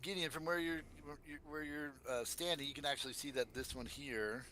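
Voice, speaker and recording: A man narrating as game master in a tabletop game, casual and halting, with many fillers. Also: on the high side, bright, forceful tone, slight background noise.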